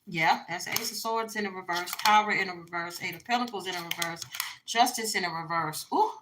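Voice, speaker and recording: A woman's voice: on the low side, brisk, noisy background. A woman, chatting bluntly and casually through a tarot reading for her viewers. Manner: chatty, blunt, frequent fillers. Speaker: tarot reader.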